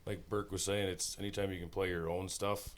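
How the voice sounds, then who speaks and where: A man's voice: sits low, flat delivery, fairly quick, a little hiss or hum. A man from Saskatchewan, a musical guest chatting casually and telling stories with easy chuckles. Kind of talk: casual chat.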